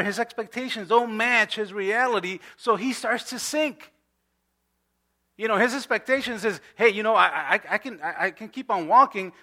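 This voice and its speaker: Bright-voiced middle-aged pastor preaching casually. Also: male voice, high voice. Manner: conversational, many asides and restarts. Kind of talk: sermon.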